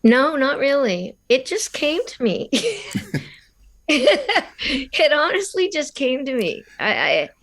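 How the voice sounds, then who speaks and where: This is a woman from Australia chatting as an interview guest, with a middle-pitched voice. She talks freely and chattily, laughs often and starts her phrases over as she goes. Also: a bit bright. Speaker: guest voice actress. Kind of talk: casual interview chat.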